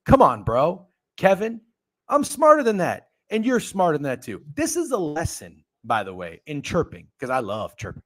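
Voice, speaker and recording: A man's voice: fairly high pitch, moderate pace. A man hosting a casual sports betting talk show, ranting and swearing. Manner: profane, ranting, animated. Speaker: podcast host.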